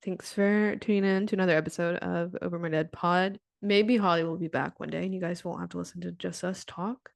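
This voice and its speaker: A woman's voice: fairly low pitch, steady tone, fairly quick, gravelly, few pauses. A woman co-hosting a podcast in casual chat, making wry joking asides and signing off the episode. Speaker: podcast co-host.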